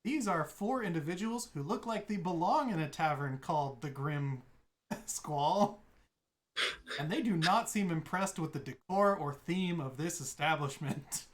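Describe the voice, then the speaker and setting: A woman narrating as game master of a tabletop game, talking casually and halting now and then. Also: low-pitched.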